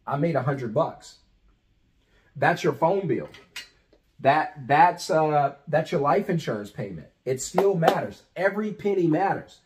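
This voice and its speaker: Higher-voiced man coaching on business. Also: animated, a little slow, a little hiss or hum, low-quality recording. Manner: conversational, asks rhetorical questions and acts out sales calls. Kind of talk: instructional talk.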